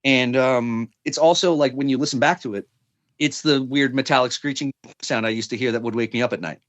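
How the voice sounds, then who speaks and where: A man's voice: mid-range voice, a little fast, fairly bright tone, dry recording, lo-fi sound. A young man, a podcast guest, telling a story in a casual, rambling way, full of fillers and restarts.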